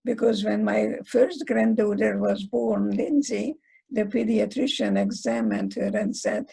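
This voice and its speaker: An elderly woman speaks slowly and deliberately, her voice gravelly with deep fry and heavily husky. She is a psychologist giving a talk, whose first language is Hungarian, and she weaves stories into short sayings. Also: expressive, mellow, poor audio. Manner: slow, deliberate storytelling with aphorisms.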